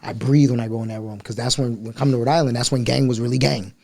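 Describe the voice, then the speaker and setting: Fast-talking man from Liberia telling his story. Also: medium pitch, vocal fry. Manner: animated, acts out voices in his stories. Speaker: podcast guest. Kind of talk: casual storytelling chat.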